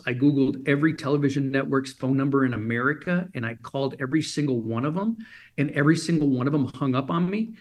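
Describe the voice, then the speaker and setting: A man from Germany, a guest in an interview, telling a story with energy and acting out the voices of the people in it. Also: mid-range voice. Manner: energetic, acts out quoted voices. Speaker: podcast guest.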